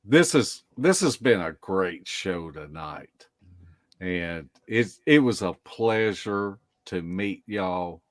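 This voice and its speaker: A man co-hosting a livestream, speaking slowly and courteously. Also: deep voice, animated, no room sound, studio quality. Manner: slow, courteous, formal thanks. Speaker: co-host. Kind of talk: livestream chat.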